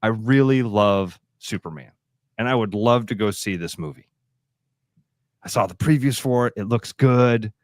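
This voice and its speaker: A man's voice: fairly low pitch, moderate pace, a little mellow, no echo, clean studio sound. A middle-aged man with a Midwestern American accent, co-hosting a radio show and telling a story in a chatty, easygoing way. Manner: chatty, storytelling, laughs easily. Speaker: radio co-host. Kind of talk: casual radio chat. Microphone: studio microphone.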